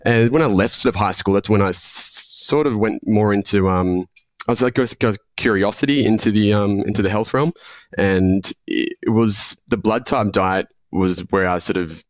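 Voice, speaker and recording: A man with an Australian accent, a guest talking in a friendly, thoughtful way, pausing on fillers. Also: sits low, no echo. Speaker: podcast guest. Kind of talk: casual interview talk.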